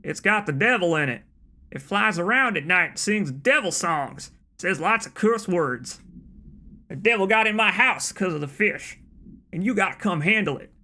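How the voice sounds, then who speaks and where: A man's voice: high voice, animated, normal speed, sharp tone, pitched above the performer's own voice, full character voice. A man voicing a frightened rural man with a put-on Southern accent, reading out a complaint letter. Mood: alarmed. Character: frantic rural man, fearful of a devil in a toy.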